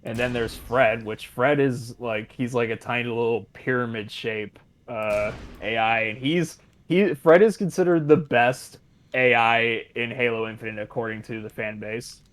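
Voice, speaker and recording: A man's voice: mid-range voice, measured pace, a bit bright. Rambling man on a voice call. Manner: rambling, repeats words, laughs often. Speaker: friend on a voice call. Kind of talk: casual chat on a call.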